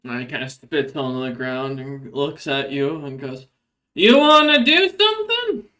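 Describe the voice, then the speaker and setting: A man's voice: medium pitch, very animated, unhurried, sharp tone. A man voicing a huge, menacing troll gang boss who taunts and picks fights. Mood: taunting. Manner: taunting and confrontational.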